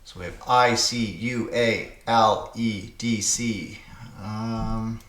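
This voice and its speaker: Slow, low-voiced man musing over puzzles. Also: steady tone, a bit bright, reverberant. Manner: muttering to himself, thinking aloud. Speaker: puzzle game channel host. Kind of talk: casual solo puzzle-solving commentary.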